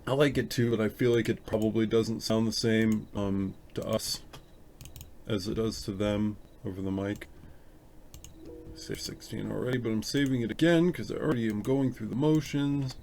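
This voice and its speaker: Gravelly low-voiced man chatting on stream. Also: steady tone, normal speed, darkish tone, a little hiss or hum. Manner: chatty, thinking aloud, self-conscious. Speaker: live stream host editing photos. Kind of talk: casual live-stream chat. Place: room at home with an open window.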